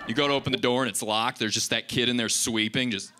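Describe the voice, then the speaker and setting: A man doing a stand-up comedy set, telling stories with animated delivery and high shouted voices for the people he quotes. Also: fast, few pauses.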